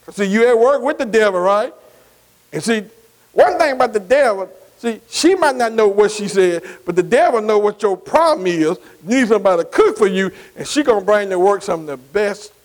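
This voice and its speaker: On poor audio, a man with a high voice delivers an emphatic, folksy sermon. He keeps checking whether the congregation agrees with him.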